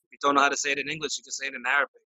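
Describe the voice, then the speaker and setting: A man answering interview questions in a casual, halting way, often restarting his sentences. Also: medium pitch, flat delivery, sharp tone, no echo, rough recording. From United States. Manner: halting, many restarts and fillers. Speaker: interview guest.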